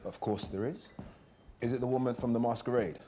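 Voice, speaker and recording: An actor playing a thoughtful gentleman who gives measured, reproving advice in a period drama. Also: medium pitch, fairly even intonation, a little hiss or hum, lightly acted. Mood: sober.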